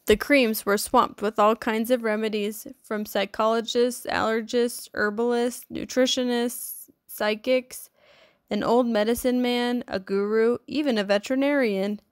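A woman reading a children's storybook aloud. Her narration is expressive and measured, and her voice sits a little high. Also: smooth. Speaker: storybook reader.

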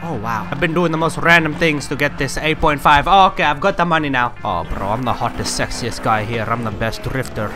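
A young man giving jokey, boastful gameplay commentary, swinging from mumbled asides to yelling. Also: medium pitch, brisk, few pauses. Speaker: gaming channel host. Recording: game music loud behind the voice. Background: loud game music and car engine sounds.

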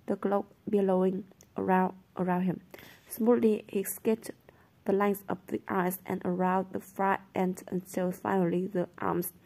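Woman, novel read aloud, soft, whispery at times, middle pitch. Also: vocal fry. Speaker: narrator.

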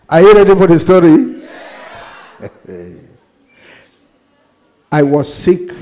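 A male pastor with a Nigerian English accent preaching a sermon, reading scripture slowly and emphatically and acting out Bible stories. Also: medium pitch, gravelly, dark tone.

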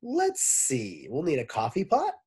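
A man's voice: a little high, wildly swooping pitch, measured pace, a little mellow, slightly rough, voice pushed up, full character voice. A man voicing a kindly old female schoolteacher, sweet-voiced with a stern edge, in a storybook reading. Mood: sweet, chipper.

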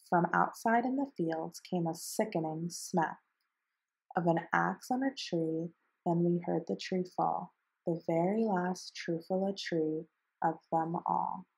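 A woman reading a rhyming picture book aloud to children in a steady storytelling voice. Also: lowish voice, measured pace, creaky, slightly rough. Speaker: storybook reader.

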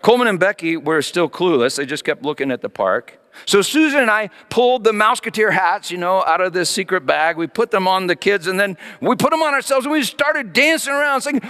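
A man's voice: high voice, animated, a little fast, few pauses, pushed and bright, in a large hall. A middle-aged male pastor preaching a sermon as a story, acting out his children's voices.

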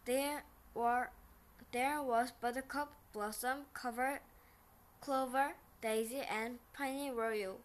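Woman reading a kids' book, slow and stumbly, highish voice. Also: steady tone. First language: Korean. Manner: slow, halting, frequent restarts on words. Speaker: picture book reader. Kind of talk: reading a children's picture book aloud.

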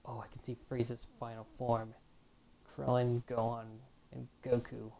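Gaming host, woman, very low and gravelly, chatty play-by-play. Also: level tone, unhurried, dark tone. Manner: chatty, reacts to the game, reads on-screen text aloud. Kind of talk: let's play commentary.

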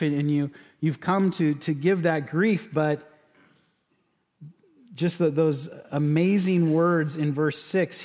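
A man from California preaching a sermon as pastor, in a conversational way with frequent restarts and repeated words. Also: a little high. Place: church sanctuary. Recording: church sanctuary with long reverb.

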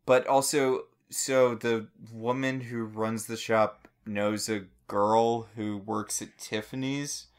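A man's voice: fairly low pitch, steady tone, slow, hardly any pauses. A man co-hosting a podcast, reacting to a book recap in casual chat with incredulous, swearing rants. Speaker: podcast co-host.

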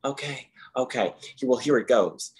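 A man's voice: medium pitch, animated, a little slow, a little mellow, natural voice. A man playing a folksy, fussy office manager on a conference call who keeps tacking "okay?" onto his sentences. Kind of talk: scripted comedy sketch on a conference call.

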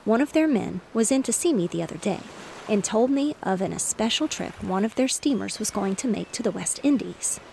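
A woman reading the part of a cheerful, reassuring father in a bedtime storybook, with a slightly gravelly voice. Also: mid-range voice, expressive, a little fast, mellow, a little hiss or hum. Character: cheerful fatherly man, fish merchant.

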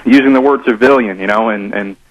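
A man calling in to a talk radio show, speaking haltingly with many fillers and restarts. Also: on the low side, poor audio. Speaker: caller. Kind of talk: casual phone-in chat.

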